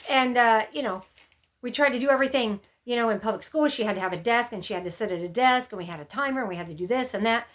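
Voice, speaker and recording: Chatty middle-aged woman, fairly high voice. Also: fast, a bit bright. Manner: chatty and rambling, often acts out her own past panics. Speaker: homeschooling mom giving advice. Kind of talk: casual advice chat to camera.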